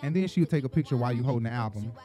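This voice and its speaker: A man from Atlanta rattles off celebrity gossip in a loose, profane, storytelling flow. His voice sits at an ordinary middle pitch, with faint music under it. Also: rapid-fire. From Atlanta, Georgia. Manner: chatty, profane, animated storytelling. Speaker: entertainment gossip host. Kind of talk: casual gossip commentary.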